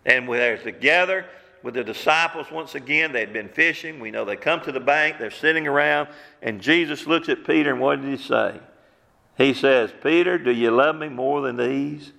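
A man's voice: medium pitch, normal speed, gravelly, sharp tone. A man preaching a sermon as pastor, using fervent rhetorical questions. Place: church sanctuary. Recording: long church hall reverb.

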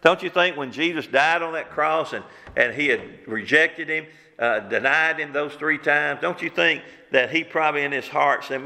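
A man's voice: a little high, moderate pace, gravelly, pushed and bright. A man preaching a sermon as pastor, using fervent rhetorical questions. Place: church sanctuary. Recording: long church hall reverb.

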